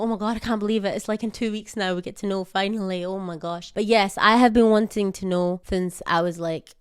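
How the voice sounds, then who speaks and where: A young woman vlogger telling a storytime, animated and dramatic, with playful slang. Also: medium pitch, smooth. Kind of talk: storytime vlog.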